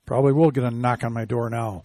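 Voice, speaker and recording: A man's voice: mid-range voice, steady tone, fast, mellow, no echo. A man hosting an opinion commentary show, reading quotes aloud and answering them with indignant, scoffing remarks.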